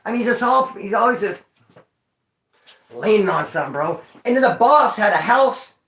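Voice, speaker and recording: A man from Bakersfield, California telling rowdy stories in casual street slang to his viewers, cursing and sometimes yelling. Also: high-pitched, normal speed. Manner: profane, animated street slang, bursts of yelling. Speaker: vlogger. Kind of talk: casual storytelling to a live chat. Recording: echoey room.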